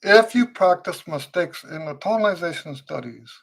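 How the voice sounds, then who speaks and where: A man teaching trumpet on a live-stream Q&A, tired and weak with a fading voice, speaking slowly and repeating his key points for emphasis. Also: high voice, animated, gravelly.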